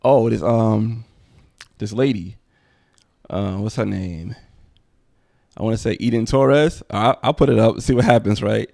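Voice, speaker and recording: A man's voice: on the low side, a little slow, vocal fry, pauses often, a little mellow, no echo, clean studio sound. A man hosting a casual commentary livestream, rambling conversationally. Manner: rambling, conversational, frequent "you know what I'm saying". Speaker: livestream host.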